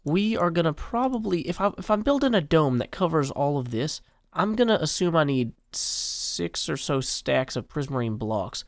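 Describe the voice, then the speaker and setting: A man's voice: on the high side, sing-song, normal speed, no room sound, studio quality. A man in his forties giving casual, rambling, self-mocking gameplay commentary. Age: 40s. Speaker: game video host.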